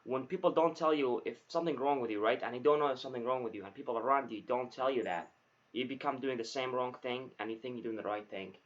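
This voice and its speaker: A man's voice: medium pitch, fast talker. A young man co-hosting a podcast as a new salesman, chatting casually, swearing often and saying "dude" a lot. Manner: swears freely, says dude often, animated storytelling. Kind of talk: casual chat. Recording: dull lo-fi sound.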